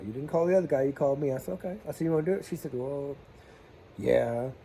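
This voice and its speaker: Talking fast in a medium-pitched, mellow voice with vocal fry, this plumber spins folksy, chatty yarns for his storytelling vlog, using southern-style slang and playing out each line of dialogue. There's a little hiss or hum.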